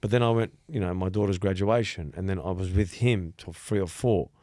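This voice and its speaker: A man's voice: sits low, fairly quick, dry recording, studio quality. A man, host of a casual podcast chat, telling stories with lots of swearing and acted-out dialogue. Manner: animated storytelling, heavy swearing, acts out quoted dialogue.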